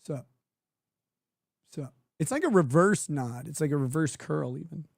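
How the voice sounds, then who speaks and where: A man's voice: on the high side, expressive, measured pace, creaky, darkish tone, no room sound, studio quality. A man hosting a livestream, talking casually and sarcastically and laughing often. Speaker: livestream host.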